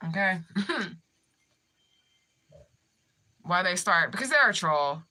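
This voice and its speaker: A woman's voice: fairly low pitch, expressive, takes it slowly, pauses often, bright, forceful tone. Brash, profane woman on a livestream. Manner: brash, profane, laughing often, trash-talking trolls. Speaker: spiritual medium livestreamer. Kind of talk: casual livestream chat with viewers.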